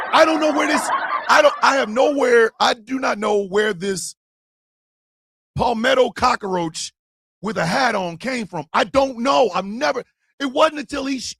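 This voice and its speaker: A man's voice: extremely high pitch, vocal fry, a bit bright, slightly rough, no echo. A man hosting a comedy podcast, ranting in a profane, mocking way with bursts of laughter, close on the mic. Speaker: podcast host. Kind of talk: comedic rant.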